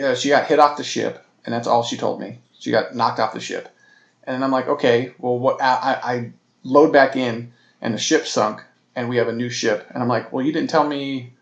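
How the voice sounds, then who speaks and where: A man hosting his own podcast, telling a story in a rambling, animated way with many restarts and self-corrections. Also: medium pitch, echoey room. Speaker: podcast host. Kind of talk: solo casual storytelling.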